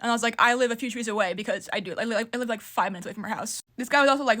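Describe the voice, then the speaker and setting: A woman's voice: mid-range voice, racing, hardly any pauses, bright, forceful tone. A young woman telling a story casually to camera, rambling with lots of fillers. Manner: rambling, filler-heavy retelling.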